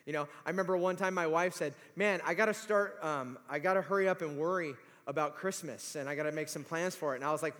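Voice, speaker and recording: A man in his forties preaching a sermon, telling animated stories and acting out the voices of the people in them. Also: fast, hardly any pauses. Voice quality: high voice that climbs to shouts in stories. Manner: animated storytelling, acts out quoted voices. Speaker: pastor. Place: church sanctuary. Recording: long hall reverb.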